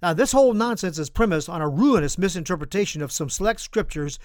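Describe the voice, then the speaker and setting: High-voiced animated male preacher. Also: fast talker, no echo, studio quality. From United States. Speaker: pastor. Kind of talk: sermon with storytelling.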